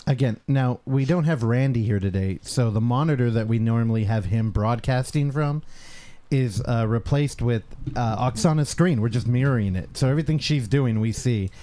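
An easygoing man co-hosts a podcast at a plain middle pitch. He laughs along with his partner and tosses in short, dry replies before settling into longer, relaxed explanations. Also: normal speed. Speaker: podcast co-host. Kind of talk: casual chat.

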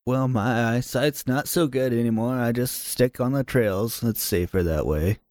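A man's voice: medium pitch, measured pace, a little mellow, no echo, clean studio sound, lightly acted. A man voicing a cranky, frail elderly grandfather in a tabletop game. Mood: cautious. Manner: grumpy, testy old man.

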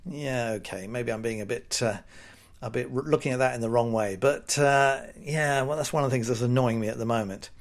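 A man's voice: medium pitch, a little fast. A British man hosting his own podcast, talking casually and sarcastically, often slipping into quoted voices. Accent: British English. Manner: wry, sarcastic, chatty with mock-quoted voices. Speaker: podcast host. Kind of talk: casual solo podcast monologue.

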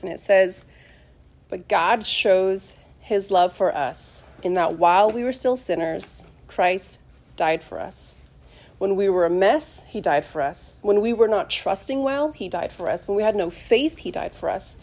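A woman's voice: medium pitch, measured pace, darkish tone. A middle-aged woman preaching a sermon in a heartfelt, conversational way, calling the congregation to answer amen. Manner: emotional, conversational, asks the congregation for amens.

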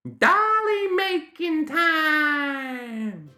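A narrator voicing a stubborn little gremlin girl, shrill and chanting slowly. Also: big pitch swings, pushed and bright, echoey room, soft background music, heavily acted. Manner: shrill, chanting, slow and insistent.

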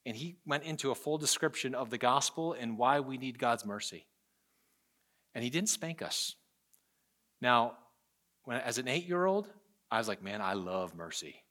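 Pastor, man, bright clear voice; earnest sermon delivery with personal stories. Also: mid-range voice, lively intonation, moderate pace, long pauses. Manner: earnest preaching with storytelling and repeated phrases.

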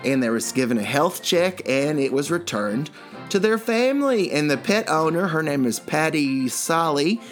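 A man's voice: on the high side, big pitch swings, normal speed, faint music behind. A man co-hosting a radio show, teasing and joking in comedic banter. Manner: playful, teasing.

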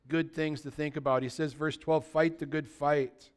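High-voiced pastor preaching with energy. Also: male voice, moderate pace, few pauses, clean tone. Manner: energetic, conversational preaching with questions to the congregation. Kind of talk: sermon.

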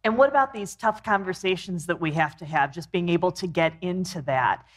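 A middle-aged woman co-hosting a faith-based marriage talk, chatty and warm, quoting scripture. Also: lowish voice, brisk. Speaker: co-host.

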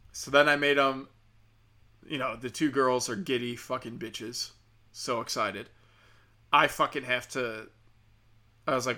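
A man's voice: mid-range voice, fairly even intonation, unhurried, pauses often, sharp tone. A man telling a rambling comic story, sarcastic and profane. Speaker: comedian. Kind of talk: comedic storytelling.

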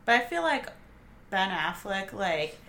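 A woman's voice: mid-range voice, sing-song, unhurried, vocal fry, a bit bright, slight background noise. A woman co-hosting a podcast, chatting casually and swearing now and then in playful banter. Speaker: podcast co-host. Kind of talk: casual chat.

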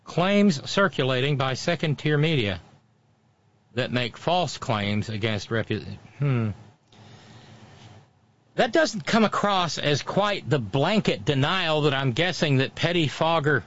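A man's voice: on the high side, lively intonation, measured pace, a bit bright, lo-fi sound. Sardonic male commentary host. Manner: sardonic, mocking, with frequent asides. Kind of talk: casual political commentary.

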